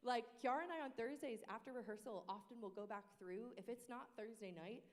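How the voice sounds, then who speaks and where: A woman in a casual panel discussion on worship team practice, talking in an animated way and now and then singing short phrases to demonstrate. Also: a little high, a little fast. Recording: reverberant room.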